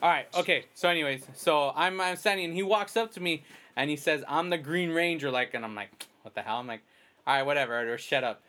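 A male podcast host with a somewhat high voice talks in a loose, casual way. He rambles through stories, stops and restarts often, and acts out his own quoted lines as he goes. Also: fast, bright, forceful tone. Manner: rambling, storytelling with quoted asides. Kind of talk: casual chat.

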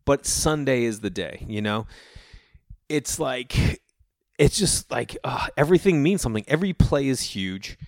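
A man from the Boston area telling rambling casual stories, jumping into animated voices for the people he quotes. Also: medium pitch, measured pace, gravelly, no room sound, clean studio sound. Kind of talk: casual storytelling monologue.

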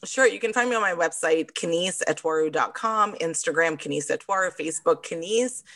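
Low-pitched female guest, from New York, emphatic storyteller, casual interview. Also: a little fast. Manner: lively storyteller, acts out quoted dialogue with laughs. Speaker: podcast guest, author and book coach.

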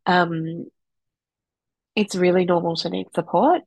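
Blunt, husky woman giving advice. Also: lowish voice, slow, no room sound, poor audio. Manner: blunt, swears freely, lively. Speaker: breastfeeding support worker. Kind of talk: candid advice talk.

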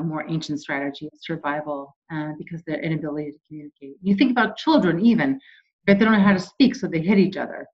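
A woman calmly and earnestly explaining ideas as a guest in an interview. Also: low-pitched, dull audio. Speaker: guest expert. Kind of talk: conversational interview.

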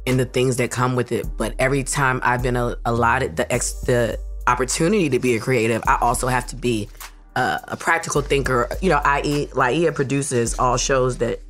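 Low-voiced tearful woman in her forties. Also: steady tone, faint music behind. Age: 40s. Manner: halting, tearful, with many restarts. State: crying. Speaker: podcast co-host. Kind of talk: emotional casual chat.

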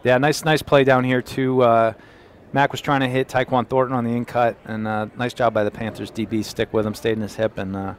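A man's voice: medium pitch, level tone, clear, resonant tone. Chuckling man calling practice plays. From Massachusetts. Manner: quick play-by-play, laughs often. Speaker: podcast co-host. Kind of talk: live practice commentary. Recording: faint background noise.

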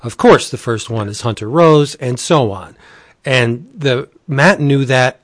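Man, podcast co-host, earnest, halting, dry close sound. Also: medium pitch, expressive, dry recording. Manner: earnest, halting, many restarts. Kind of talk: casual chat.

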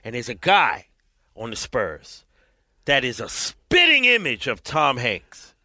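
A man's voice: medium pitch, huge pitch swings, slow pace, bright, forceful tone, no echo, studio quality. A man in casual podcast chat, emphatic and profane.

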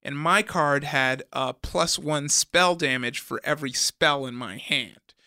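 A young man co-hosting a casual gaming chat, animated and laughing often, with many stumbling restarts. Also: a little high, a little slow, no echo, studio quality. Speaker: podcast co-host.

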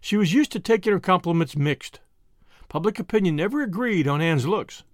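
A man narrating a novel aloud, storytelling in an expressive way. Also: sits high, brisk, no echo, clean studio sound. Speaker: audiobook narrator. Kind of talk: scripted narration.

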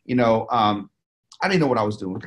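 A business owner and bodybuilder, appearing as an interview guest, rambles through profane stories riddled with fillers and restarts in a casual storytelling interview. He speaks animated and a little fast in a lowish voice, with slight background noise.

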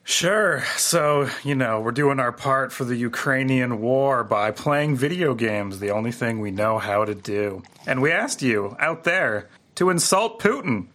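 A man co-hosts a gaming podcast in a medium-pitched voice. He speaks wryly, with a sarcastic edge. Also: animated, unhurried, few pauses, a bit bright. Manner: wry, sarcastic. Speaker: podcast co-host. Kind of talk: casual chat.

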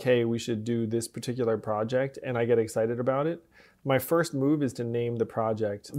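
A man interviewing a guest, asking curious questions in a measured, casual way. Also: medium pitch, darkish tone.

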